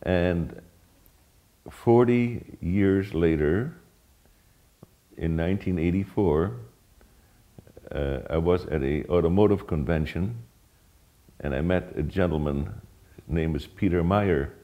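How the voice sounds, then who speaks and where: An older man from the Netherlands, telling his life story in a plain, halting way with frequent pauses. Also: sits low, highs cut off. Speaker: Holocaust survivor giving testimony. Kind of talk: spoken personal testimony.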